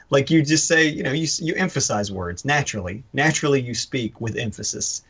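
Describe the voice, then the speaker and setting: A man's voice: mid-range voice, brisk, creaky, breathy edge. A man co-hosting a comic book podcast, talking animatedly and acting out lines for emphasis. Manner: animated, acts out lines with emphasis, laughs often. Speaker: podcast co-host. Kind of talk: casual chat.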